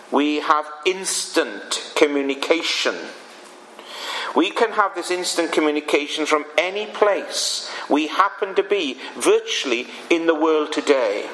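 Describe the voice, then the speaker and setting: A man delivering a sermon at a slow, measured pace, leaving emphatic pauses between phrases. His voice sits a little higher than most men's. A faint hum of ambience sits behind him. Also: fairly bright tone, rough recording. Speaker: preacher.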